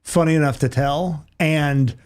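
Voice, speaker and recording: A man's voice: fairly high pitch, unhurried, darkish tone, smooth. A man as a podcast guest in casual chat, rambling a little as he eagerly sets up a joke he loves. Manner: rambling storyteller, eager to tell a favorite joke.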